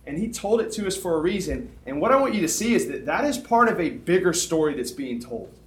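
A middle-aged man preaching as a youth pastor, with a slightly higher voice than most men. He talks in an animated, conversational, self-deprecating way. The sound carries a noticeable room echo. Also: brisk. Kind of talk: sermon. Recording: echoey room.

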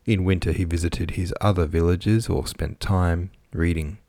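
A man narrating a classic novel as an audiobook in a measured, even reading style. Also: low-pitched, dry recording, clean studio sound.

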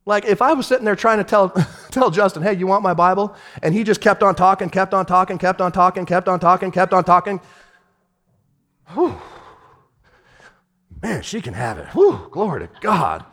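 A male pastor preaching with a high, very lively voice. He swings from shouting to near hushed tones. His voice carries a long reverb, as if in a large hall. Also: moderate pace. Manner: animated, shifts from shouting to hushed. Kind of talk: sermon.

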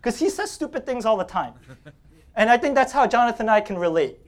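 A man's voice: very high voice, sing-song, fast. A man from Staten Island, New York preaching a sermon, telling personal stories in a joking, conversational way and laughing often.

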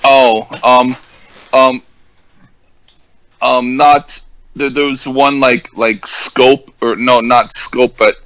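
Older guy rambling slow, lots of ums, dry close sound. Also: medium pitch, level tone, a bit bright, dry recording, poor audio. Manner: halting, many ums and restarts. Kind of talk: casual chat.

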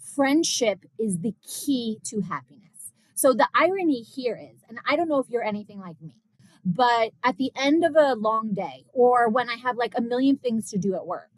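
A woman's voice: fairly high pitch, animated, normal speed, no room sound. A woman, a business consultant and researcher, explaining her work with enthusiasm in an interview. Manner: enthusiastic, explanatory, quotes people in asides. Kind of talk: interview conversation.

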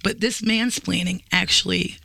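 A woman in her forties tells a story in a bright, gravelly voice. She talks casually with lots of swearing and acts out the lines of other people. The sound is dry and close. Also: lowish voice, normal speed, no echo. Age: 40s. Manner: animated, profane, acts out quotes. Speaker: guest.

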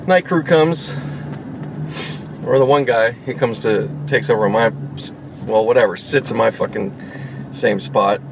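A man vlogging from his car in traffic, rambling, irritated and swearing a lot as he talks to viewers. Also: mid-range voice. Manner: rambling, profane, with lots of restarts. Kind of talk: casual rambling monologue to viewers. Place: inside a car, driving in traffic. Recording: road and traffic noise.

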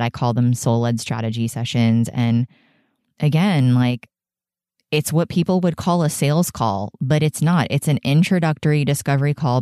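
A woman's voice: extremely low pitch, dark tone, smooth, dry recording, studio quality. A woman hosting her own podcast, talking alone in a chatty, rambling way and laughing often. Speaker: podcast host. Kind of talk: solo podcast monologue.

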